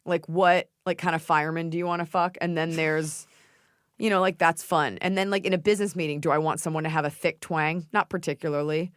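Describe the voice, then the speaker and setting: Woman host, casual comic chat, slightly low voice, dry close-miked studio. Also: steady tone, brisk, clean tone, no room sound. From United States. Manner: playful, puts on accents mid-sentence. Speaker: podcast host.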